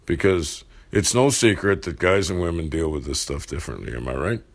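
Low-ish guy hosting a casual chat, lots of ums and uhs, keeps restarting. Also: sing-song. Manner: halting, filler-heavy, restarts a lot. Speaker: host.

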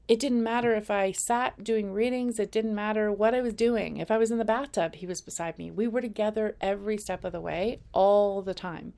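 Gravelly woman in her fifties. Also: medium pitch, normal speed, dark tone. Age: 50s. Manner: rambling, chatty, heavy on fillers like "like". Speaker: host of weekly inspirational messages. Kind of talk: casual personal monologue.

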